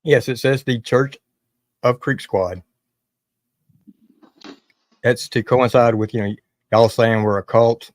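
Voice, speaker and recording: A man hosting a livestream, talking casually in a halting way and often restarting his sentences. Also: mid-range voice, fairly even intonation. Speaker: livestream host.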